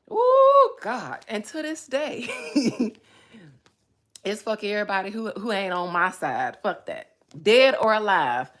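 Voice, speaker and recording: A woman psychic talking casually on a livestream, profane and animated, breaking into laughter often. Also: mid-range voice, a little slow.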